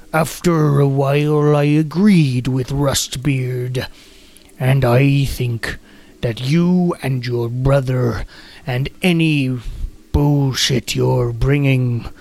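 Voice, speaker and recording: Slow, louder-than-usual turtle-clawed brute voiced by a man, menacing. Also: medium pitch, vocal fry. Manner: slow, drawn-out, threatening. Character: hulking menacing male turtle-clawed guard.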